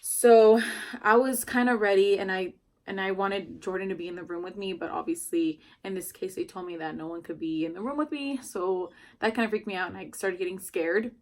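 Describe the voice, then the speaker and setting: A woman's voice: medium pitch, a little fast, darkish tone. Young woman, casual to-camera storytelling, rambling, chatty, filler-heavy. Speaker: new mother telling her birth story.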